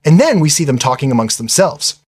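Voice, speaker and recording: A man's voice: a little high, big pitch swings, a little fast, a little mellow, slightly rough. A man giving a casual, chatty recap of an anime episode, often throwing in "man" and "I mean".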